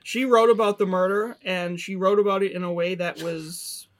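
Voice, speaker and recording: A man's voice: high voice, steady tone, moderate pace. Casual swearing podcast co-host man. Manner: leads the recap, many fillers, swears freely. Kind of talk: casual chat.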